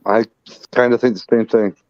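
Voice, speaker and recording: A man's voice: fairly low pitch, steady tone, moderate pace, no echo. A man hosting a livestream, chatting casually and asking laid-back questions. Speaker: livestream host. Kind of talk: casual chat. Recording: dry, dull lo-fi mic.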